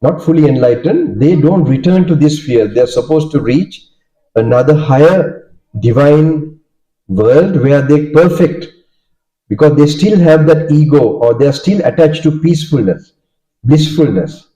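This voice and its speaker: Sri Lankan monk teaching, very dark voice. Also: male voice, a little high, animated, a little slow. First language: Sinhala. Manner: checks understanding with frequent "okay?" and "right?". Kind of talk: dharma talk with questions to listeners. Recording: dull lo-fi recording.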